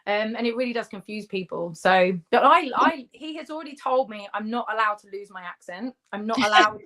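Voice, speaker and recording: A woman with an English accent talks candidly as an interview guest. Her voice sits at a middle pitch, and her chatty manner is broken up by frequent laughter. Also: lively intonation, brisk, fairly bright tone. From England. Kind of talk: casual interview chat. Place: remote call in the United States.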